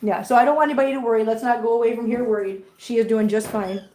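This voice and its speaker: A woman vlogging at home with her cats, switching between soft baby talk to kittens and chatty asides to viewers. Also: fairly high pitch, fairly even intonation, fast, echoey room, rough recording. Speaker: cat channel vlogger. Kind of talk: casual vlog chat.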